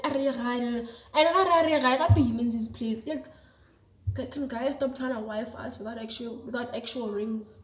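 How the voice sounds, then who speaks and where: A young South African woman vlogger telling a story in a lively, slangy, chatty way. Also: on the high side, a little slow. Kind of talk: casual storytelling to camera. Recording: echoey room.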